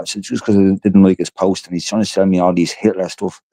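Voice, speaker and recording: Tired, rambling Irish man, low-voiced. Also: steady tone, normal speed, long pauses, mellow, breathy edge. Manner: rambling and profane. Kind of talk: casual chat.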